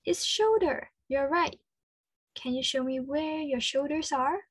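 A woman with an Australian accent leading an interactive children's lesson, slow and encouraging, full of praise. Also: high-pitched, dry recording. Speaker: children's speech clinic presenter.

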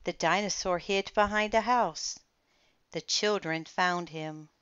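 A woman reading a children's storybook aloud at a slow, deliberate pace. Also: fairly low pitch, fairly bright tone, clear, resonant tone, dry recording, highs cut off. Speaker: children's book reader.

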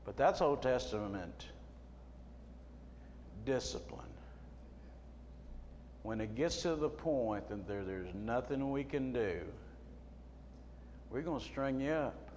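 A middle-aged man preaching a sermon as a pastor, moving between quiet storytelling and loud shouting. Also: mid-range voice, expressive, takes it slowly, long pauses. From United States. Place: church sanctuary. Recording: long hall reverb, faint room noise.

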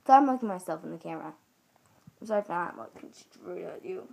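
A woman's voice: on the low side, lively intonation, quick pace, vocal fry, darkish tone, a little hiss or hum. A woman from Ohio chatting to camera in a giggly, scattered, jokey way. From Ohio, United States. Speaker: vlogger. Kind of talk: casual rambling to camera.

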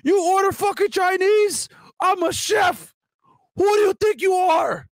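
A man putting on a shrill, raging young chef. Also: a little slow, no echo. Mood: furious. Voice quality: shrill shouting, profane. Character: furious young male chef, insulted and ranting.

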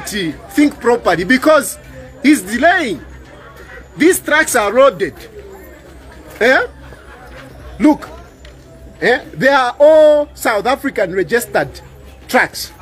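A middle-aged man with a Zambian accent, a lawyer making an impassioned appeal to camera, repeating himself and tagging lines with "eh?". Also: extremely high pitch. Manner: emphatic, repeats lines, tags "eh?" for agreement. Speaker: public lawyer.

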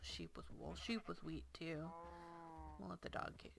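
A woman's voice: deep voice, expressive, moderate pace, gravelly, background noise. A woman hosting a casual gameplay video, chattily coaxing and playfully scolding the animals in her game. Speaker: let's play host.

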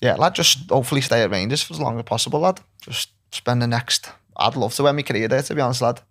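A man's voice: mid-range voice, fast, a bit bright. A man with a Liverpool Scouse accent, a guest on a casual podcast, talking in a laid-back way and dropping "lad" and "yeah" all through. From Liverpool, England.

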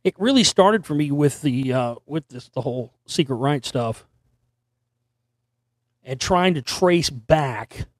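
A hoarse man hosts a talk show, his voice sitting a little above the usual male range. He rambles and often restarts mid-sentence. The recording is dry, with no room sound. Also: fairly high pitch, animated, slow, dry recording. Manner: rambling, with many restarts and repeated words. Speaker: host. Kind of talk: monologue to camera.

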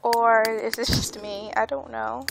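A woman's voice: fairly high pitch, fairly even intonation, a little slow, vocal fry, heavy background noise. A woman hosting a let's play, chatting casually about her game, giggly and often tripping over her words. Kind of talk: casual gameplay commentary.

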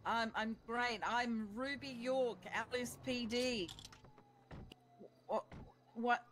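A flustered, stammering woman with a high voice. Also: steady tone, takes it slowly, fairly bright tone. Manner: flustered, stammering, overly earnest. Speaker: roleplay gamer playing a police negotiator. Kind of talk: in-character roleplay banter.

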